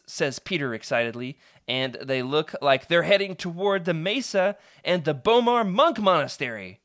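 A man's voice: on the high side, lively intonation, moderate pace, hardly any pauses, a bit bright. A man hosting a live stream, chatty and playful, reading a choose-your-own-adventure book aloud to his viewers.

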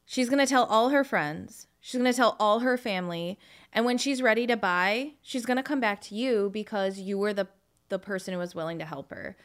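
A woman's voice: medium pitch, fairly quick. A woman who co-hosts a podcast and chats casually, explaining her views in an earnest, reflective way. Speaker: podcast co-host, real estate agent, former property manager.

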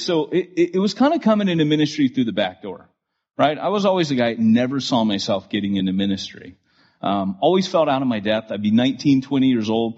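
A man in his forties tells stories from the pulpit with a husky voice. He talks in an animated way, restarting lines and throwing in asides. The recording sounds dull and lo-fi. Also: mid-range voice. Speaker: pastor. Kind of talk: storytelling sermon to a live audience.

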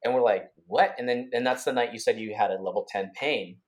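Man recounting a story as a podcast co-host. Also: medium pitch. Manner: rambling with many fillers and restarts, quick bursts. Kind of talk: casual conversational storytelling.

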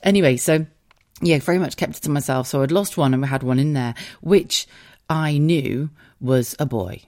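A woman's voice: low voice, moderate pace, a little mellow. A woman hosting a podcast, telling a personal story in a casual, rambling way, open, emotional and a little sweary. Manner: chatty and rambling, with asides and frequent laughter. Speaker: podcast host.

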